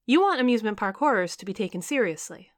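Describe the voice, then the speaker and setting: A woman voicing a determined young woman who makes a podcast, speaking briskly and insistently. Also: mid-range voice, sing-song, no echo, studio quality, lightly acted. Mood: firm.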